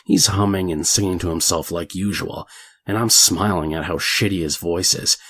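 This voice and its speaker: A man's voice: sits low, fairly even intonation, normal speed, a bit bright, no room sound. A man voicing a crude older male convict who tells a gross story with plenty of profanity. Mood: vulgar yarn. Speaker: narrator.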